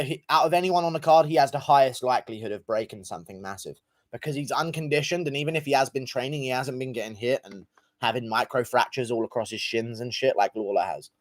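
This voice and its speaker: A man hosting a casual livestream, thanking donors and giving loose, profane takes in a rambling, laid-back way. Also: mid-range voice. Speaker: livestream host reading donations.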